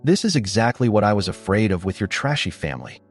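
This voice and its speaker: A man's voice: lowish voice, lively intonation, fast talker, faint music behind. A man voicing a furious young bride in a read-aloud story, her outbursts delivered within his narration. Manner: angry shouted quotes read in narration.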